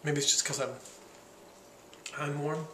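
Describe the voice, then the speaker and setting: A man's voice: on the high side, little pitch movement, measured pace, bright, forceful tone, echoey room. A man tasting wine and describing it, thoughtful and hesitant, searching for words. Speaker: guest taster. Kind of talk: casual tasting chat. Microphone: handheld camcorder.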